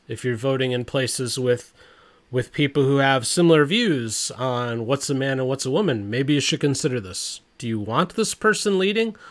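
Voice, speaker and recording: A man's voice: mid-range voice, a bit bright. A middle-aged man giving blunt, exasperated commentary on the news from his home. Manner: blunt, exasperated, reads quotes aloud. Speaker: commentary channel host.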